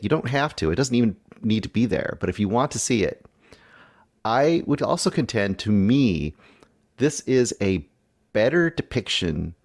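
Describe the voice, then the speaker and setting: Man, movie podcast co-host, measured, arguing his point, low-ish pitch. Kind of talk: casual movie review chat.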